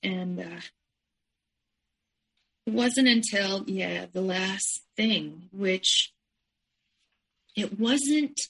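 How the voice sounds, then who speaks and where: A woman guest in an interview recounting her own story in a halting, emotional way, with restarts and frequent asides. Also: medium pitch, gravelly, a bit bright, rough recording. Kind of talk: personal storytelling in conversation.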